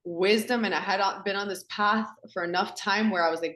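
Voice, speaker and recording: A woman's voice: medium pitch, fairly quick, echoey room. Earnest woman leading a women's circle. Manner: earnest and animated, says "like" often, swings into excited voices. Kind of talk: spiritual talk to a women's group. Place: home in Miami. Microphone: phone.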